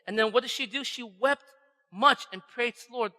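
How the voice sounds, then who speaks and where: This man's voice is very high, bright and forceful, and he talks fairly quickly. He's a pastor giving a chatty sermon, repeatedly asking "right?" and performing the voices of people he quotes, with long reverb from the hall around him.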